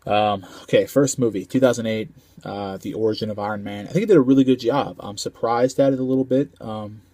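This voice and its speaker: A man's voice: lowish voice, a little fast, warm tone, no echo. A man giving a casual, rambling movie review, full of slang and filler ums.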